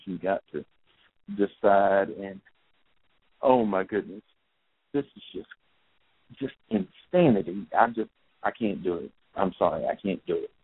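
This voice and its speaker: A man voicing an exasperated male genie who blusters and protests. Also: lowish voice. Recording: tinny phone-like, dry.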